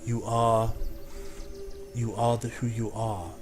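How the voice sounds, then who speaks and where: A man voicing a serene, solemn goddess, speaking in a slow, hushed and measured prophetic way during improvised tabletop role-play. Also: medium pitch, flat delivery, close to an everyday voice. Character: serene, solemn goddess woman bestowing blessings. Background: background music.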